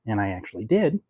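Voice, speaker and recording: Giggly male food vlogger with a dark, husky voice, chatting loosely to camera. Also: fairly low pitch, no echo. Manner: giggly, laughs often between phrases; rambling, with many fillers. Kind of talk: casual chat to camera.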